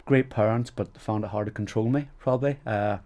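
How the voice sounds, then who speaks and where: A man's voice: on the low side, fairly even intonation, a little fast, darkish tone. A middle-aged man with a Northern Irish accent, telling stories in a casual interview, rambling and full of "you know" fillers. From Northern Ireland. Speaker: guest.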